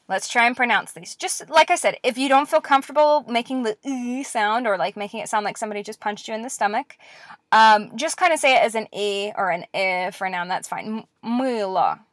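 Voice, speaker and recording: A woman gives a patient, step-by-step recorded lecture as a language teacher. Her voice sits a little high. The recording is dry, with no room echo. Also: fairly bright tone. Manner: patient, explains step by step with practice pauses.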